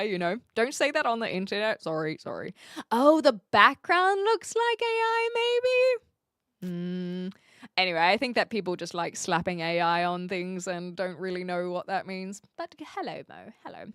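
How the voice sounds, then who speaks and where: Streamer, woman, mixed New Zealand accent with an Aussie twang, animated and playful, dry close mic. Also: mid-range voice, dry recording. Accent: mixed New Zealand with an occasional Australian twang. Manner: chatty and playful, with lively swings between a soft mumble and bright exclaiming. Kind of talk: casual livestream chat, reading out viewer comments.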